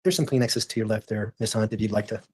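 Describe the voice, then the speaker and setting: Fast-talking attorney questioning a witness. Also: mid-range voice, fairly even intonation, darkish tone, husky. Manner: measured, formal questioning. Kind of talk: courtroom questioning.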